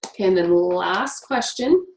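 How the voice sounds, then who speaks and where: A woman's voice: mid-range voice, expressive, darkish tone. Upbeat, chatty female workshop teacher in an echoey room, light background noise. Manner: upbeat, chatty, quick with many "like" fillers. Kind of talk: guiding a class through writing prompts.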